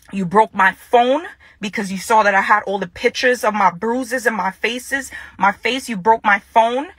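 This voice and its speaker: A woman's voice: a little high, a bit bright, husky, no echo. A woman vlogging straight to the camera in a confrontational way, repeating her phrases for emphasis, with a Jamaican accent. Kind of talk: direct-to-camera vlog rant.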